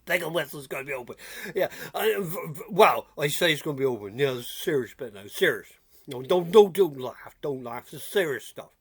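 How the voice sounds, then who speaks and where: A man's voice: a little high, lively intonation, fast, bright, forceful tone, husky, exaggerated voice. A man playing a chatty, giggly old countryman with rheumatism, rambling folksy gossip and repeating himself in a comic character video. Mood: gossipy.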